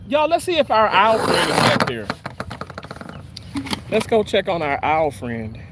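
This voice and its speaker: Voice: mid-range voice, huge pitch swings, unhurried, pauses often, background noise. A vlogger outdoors in hot weather, talking casually and breaking into goofy sung parody lines between chatter. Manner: goofy, sings and riffs loudly between chatter. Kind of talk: casual rambling vlog with sung parody snatches.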